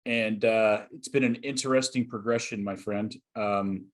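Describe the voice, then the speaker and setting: A man's voice: on the low side, fairly even intonation, measured pace. A middle-aged man co-hosting a podcast, rambling casually with fillers and restarts. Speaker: podcast co-host.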